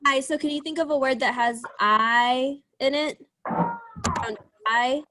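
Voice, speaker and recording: A young woman teaching a young class over a video call, drawing out sounds slowly and encouraging the children. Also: sits high, pushed and bright, a little hiss or hum. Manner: slow, encouraging, drawn-out sounds. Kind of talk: online class lesson.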